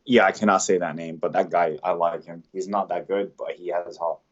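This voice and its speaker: A man's voice: deep voice, steady tone, fairly quick. An Australian man co-hosting a casual fight chat, laid-back, mostly giving short agreeing replies. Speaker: podcast co-host. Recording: slightly muffled lo-fi audio.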